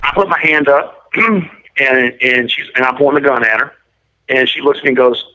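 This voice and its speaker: A man's voice: medium pitch, moderate pace, pushed and bright. A man giving an interview and telling a story in a blunt, matter-of-fact, detailed way. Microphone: prison phone line. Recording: muffled lo-fi line.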